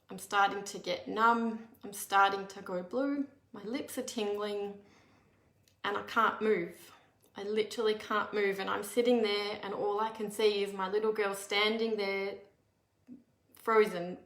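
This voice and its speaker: A woman's voice: mid-range voice, fairly bright tone. A woman, earnestly telling a personal story in a candid, conversational way, with frequent restarts. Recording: echoey room.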